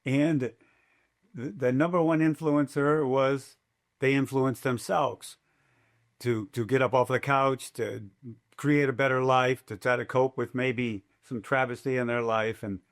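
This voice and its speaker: Older guy on a podcast, race announcer telling stories, mid-pitch voice, animated and easygoing. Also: a little slow. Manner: lively, chatty, fond of quoting himself. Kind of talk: casual storytelling.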